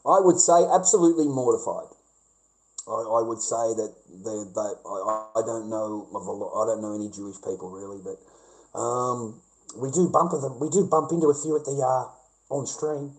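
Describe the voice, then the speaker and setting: A middle-aged Australian man talking straight into his live stream in a loose, profane rant. His voice sits at an ordinary middle pitch, and he throws in "mate" and crude swearing all the time. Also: moderate pace, rough recording. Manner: swears heavily, says "mate" a lot, mocking laughs. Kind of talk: casual ranting monologue.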